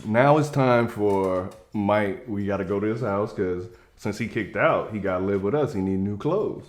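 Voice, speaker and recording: A man's voice: lowish voice, normal speed. Young man telling a comedic story. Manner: animated, acts out quoted lines in different voices.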